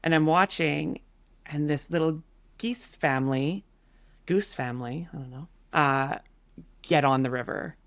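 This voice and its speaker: Animated woman telling a story, dry sound. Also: low-pitched, a little slow, no room sound. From Canada. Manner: animated, filler-heavy storytelling. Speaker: podcast guest. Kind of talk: casual storytelling.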